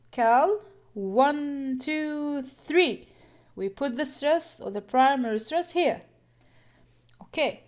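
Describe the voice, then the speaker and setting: A woman teaching English word stress, talking slowly and deliberately, counting out syllables and thinking aloud. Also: high voice. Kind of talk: slow classroom-style lesson, counting syllables.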